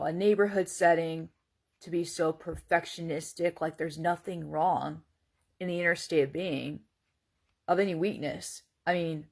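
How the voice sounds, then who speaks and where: A woman's voice: sits low, vocal fry, darkish tone, husky. A woman talking earnestly and hesitantly in a casual personal monologue, full of fillers and restarts. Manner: hesitant, rambling, many fillers; faith-centered, earnest. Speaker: vlogger sharing personal reflections.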